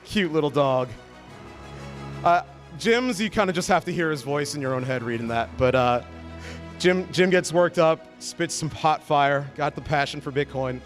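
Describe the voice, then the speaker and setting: A man's voice: fairly high pitch, normal speed. A man hosting a comedic awards segment on a conference stage, joking, stammering, reading out quotes. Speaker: awards host. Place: conference stage with music playing. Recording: music in the background.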